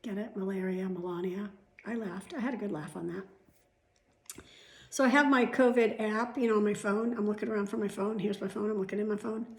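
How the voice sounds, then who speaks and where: A woman's voice: mid-range voice, a little fast. A middle-aged woman vlogging at home, chatting casually to the camera with rambling asides and the odd swear word. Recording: echoey room.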